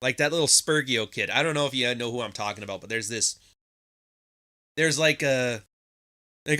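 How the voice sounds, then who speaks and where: A man's voice: mid-range voice, moderate pace, pauses often, sharp tone. A man hosting a podcast, talking casually in a profane, sarcastic monologue, often mimicking people mockingly. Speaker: podcast host.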